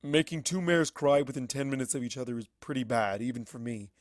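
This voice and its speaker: A man narrating a fan-fiction story in first person, with a brisk, wry, chatty delivery. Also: mid-range voice, no room sound, studio quality. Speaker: fanfic reader.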